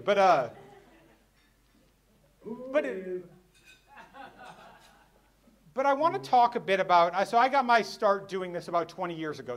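A middle-aged man tells a personal story to a luncheon audience. His voice sits a little high, and he drops to a near hush when the story turns sad. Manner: emotional, quietens for sad parts. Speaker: keynote speaker at a luncheon. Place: banquet hall.

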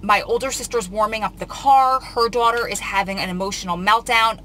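A woman's voice: mid-range voice, fast talker, few pauses, a bit bright, a little hiss or hum, rough recording. A young woman telling a long, rambling story to her viewers, close to tears as she talks. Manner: tearful, confiding, rambling retelling. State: on the verge of tears. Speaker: vlogger. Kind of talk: emotional storytime vlog.

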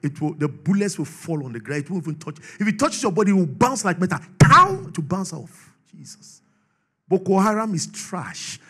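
A Nigerian man preaching a sermon, swinging from shouted declarations to low asides and laughing often. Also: animated, brisk, breathy edge. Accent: Nigerian English. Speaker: pastor.

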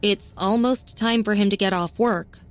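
A woman's voice: medium pitch, moderate pace, close to an everyday voice. A woman voicing a hospital nurse who answers hesitantly.

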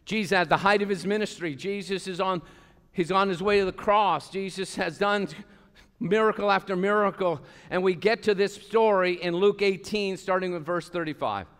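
A man preaching a passionate sermon as pastor of a church, swinging between loud calls and quiet asides. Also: high voice, normal speed. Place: church sanctuary. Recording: long hall reverb.

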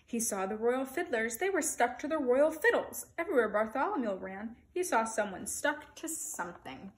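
Woman, children's story reader, expressive read-aloud, slightly high voice. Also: moderate pace.

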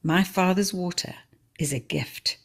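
A calm young man speaks with quiet patience in a low, husky voice, as a woman reading a story gives him voice. He never hurries. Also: a little slow. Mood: patient.

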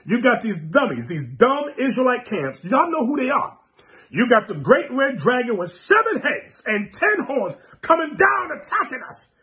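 A man preaching a fiery, mocking sermon, scolding his listeners with sudden shouts. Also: very high voice, very animated, moderate pace. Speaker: preacher and teacher.

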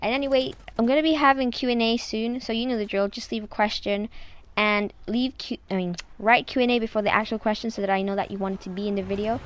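A woman's voice: on the high side, fairly even intonation, fast. A woman talking casually in a vlog, chatty and full of "like" fillers. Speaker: vlogger.

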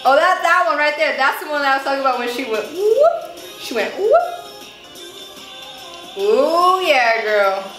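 A young woman talking slowly with a lively, swooping pitch, gasping and squealing as she reacts to clips. Her voice sits fairly high. The room is echoey, with faint music playing behind her. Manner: gushing, gasping and squealing with delight. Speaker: reaction vlogger. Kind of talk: casual reaction commentary.

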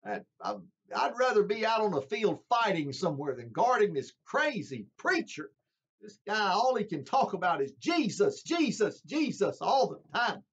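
A preacher voicing a fed-up Roman soldier. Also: male voice, high voice, big pitch swings, moderate pace, fairly bright tone, slightly rough, voice pushed up, full character voice. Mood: exasperated. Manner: exasperated complaining, raised voice. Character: weary grumbling Roman soldier husband. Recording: dull lo-fi sound.

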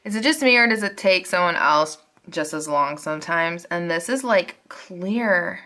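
A woman chatting casually to viewers at her desk at home while unboxing planner supplies, gushing and excitable with chatty asides. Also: fairly low pitch, a little slow.

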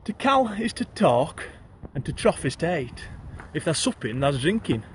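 A man's voice: a little high, big pitch swings, normal speed, background noise. A man with a broad Yorkshire accent reciting comic rhyming verse, addressing the listener as thee. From Yorkshire, England.

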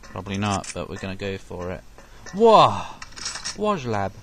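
A man's voice: on the low side, big pitch swings, a little slow, a bit bright. A young man doing let's play commentary, sarcastic, talking to enemies and swearing and yelping when hit. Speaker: gaming commentator. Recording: noisy game background.

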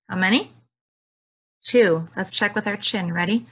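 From her living room couch, a woman with a medium-pitched voice that's a bit bright and slightly rough teaches little children. Her speech is slow and stretched out, full of sing-song encouragement.

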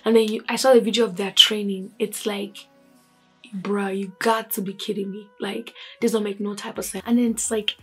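A woman's voice: mid-range voice, flat delivery, moderate pace, husky, faint music behind. A young woman speaking in an exasperated vlog, sighing and repeating herself as she talks. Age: young adult. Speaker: vlogger. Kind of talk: frustrated opinion vlog.

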